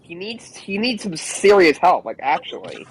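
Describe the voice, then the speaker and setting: A man's voice: high voice, huge pitch swings, moderate pace, background noise. Hesitant man asking sports questions. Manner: questioning, hesitant, repeats words. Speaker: guest co-host. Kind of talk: casual sports chat.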